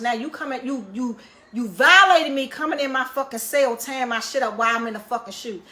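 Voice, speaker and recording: A woman telling a story in a casual monologue, animated and full of profanity, acting out the dialogue she quotes. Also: fairly high pitch, moderate pace. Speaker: storyteller recounting prison life.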